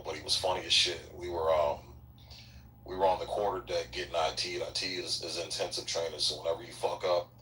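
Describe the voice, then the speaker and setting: Deep-voiced guy telling crude boot camp stories, kinda far from the mic, echoey room. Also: bright, forceful tone, slight background noise. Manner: profane, drawling storyteller. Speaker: former Marine recruit telling stories. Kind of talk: casual podcast chat, crude storytelling.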